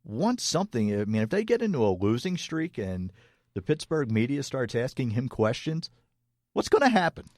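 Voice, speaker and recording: An easygoing man co-hosts a casual hockey chat, laughing often and padding his points with fillers. His voice sits at a medium pitch for a man. The sound is close and dry, with no room around it. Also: sing-song, normal speed, darkish tone, no room sound. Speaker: podcast co-host.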